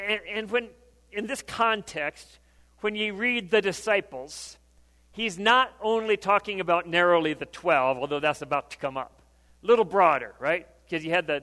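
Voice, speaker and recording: A man with a high-pitched voice preaches a sermon in a conversational way, checking in with his listeners with frequent questions. His voice carries a long reverb, as if he is in a church sanctuary. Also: pushed and bright. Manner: conversational, asks the congregation questions. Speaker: pastor.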